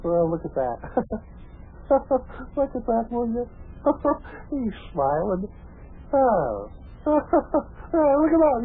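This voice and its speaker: A man's voice: high-pitched, breathy edge, heavily acted. An actor playing a long-winded, chuckling male pal who rambles through folksy tall tales, on an old radio show. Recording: tinny old radio broadcast.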